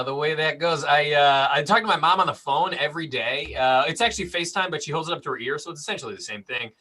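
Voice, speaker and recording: A young man does a stand-up set over a video call. His delivery is dry and self-deprecating, and his voice sounds bright and forward. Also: on the high side, rough recording. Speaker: stand-up comedian.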